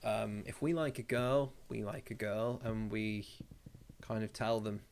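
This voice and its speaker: A man's voice: fairly low pitch, steady tone, measured pace, vocal fry, darkish tone, slight background noise. Man, live streamer, casual chat, reading comments, rambling, jokey, swears a lot.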